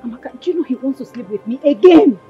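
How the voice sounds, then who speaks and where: A woman's voice: high-pitched, animated, fast, husky, exaggerated voice. An actress with a Nigerian accent playing an angry, frustrated young village woman, exclaiming, in a dull lo-fi film recording with music. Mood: upset. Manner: agitated, exclaiming. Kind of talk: film drama acting.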